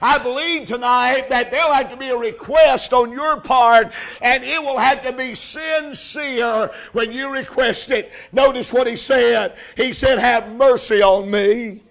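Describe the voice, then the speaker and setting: A high-voiced man preaching a revival sermon in an unhurried, drawn-out cadence. He swells from plain talk into impassioned shouted cries, leaning hard on each phrase. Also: steady tone, vocal fry.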